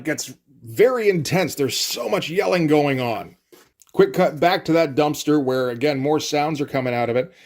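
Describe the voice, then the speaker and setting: Man giving wry, rambling comic commentary. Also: medium pitch. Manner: wry, rambling, frequent fillers. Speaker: comic reviewer.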